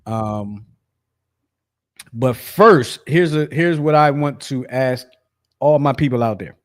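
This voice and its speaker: A man's voice: mid-range voice, takes it slowly. A man hosting a sports podcast in a loose, chatty way, with lots of fillers and restarts. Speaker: podcast host. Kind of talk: casual sports chat.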